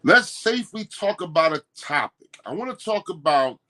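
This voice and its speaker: Guy hosting a morning podcast, aave, kinda high voice, laughing and repeating stuff. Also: normal speed, few pauses. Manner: animated, laughing, slangy, repeats himself. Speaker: podcast host. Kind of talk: casual morning show chat.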